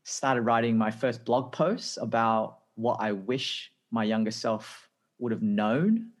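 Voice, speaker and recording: An Australian man in his thirties, a podcast guest telling his career story in a lively, anecdotal way with frequent laughs. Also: medium pitch, slow. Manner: lively anecdotal, acts out dialogue, laughs often. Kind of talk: casual interview storytelling.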